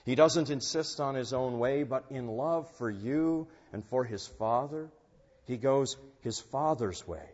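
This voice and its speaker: A man preaching a sermon in an earnest, unhurried way, rising in force on key phrases. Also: mid-range voice, darkish tone. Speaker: pastor. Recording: dull sound with long church reverb.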